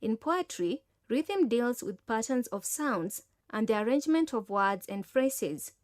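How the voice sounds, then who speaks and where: Slow, measured woman teacher narrating. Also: fairly high pitch, lively intonation, darkish tone, no room sound, studio quality. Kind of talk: scripted lesson narration.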